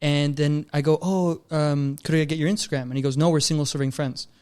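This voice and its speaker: A man's voice: fairly high pitch, fairly even intonation, brisk, a little mellow, smooth. A young man from Canada, a filmmaker guest, telling a long story in a casual chat, easygoing and calling people bro and dude. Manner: laid-back, calls people bro and dude.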